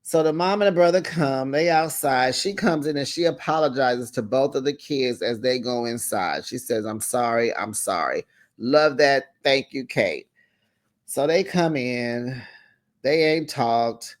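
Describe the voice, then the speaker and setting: This is a host giving a casual spoken recap of an episode and speaking straight to the audience. The delivery is sassy and full of side remarks, and the host laughs easily along the way. The voice sits at a middle pitch. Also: a little slow. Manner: sassy, talks straight to viewers, acts out quoted lines; laughs readily between remarks. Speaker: reality TV recap channel host.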